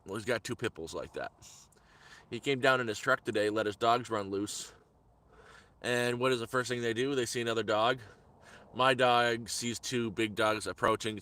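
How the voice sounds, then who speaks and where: A man's voice: fairly low pitch, bright, forceful tone. A man on a live stream outdoors in the woods, telling a heated story in repetitive bursts. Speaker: vlogger. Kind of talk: angry live-stream rant.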